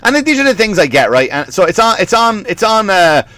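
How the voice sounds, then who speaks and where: An Irish stand-up comedian rants in a rambling way, swearing often and laughing at his own stories. His voice is high-pitched and bright, with big pitch swings, a fairly quick, pushed delivery, and no echo.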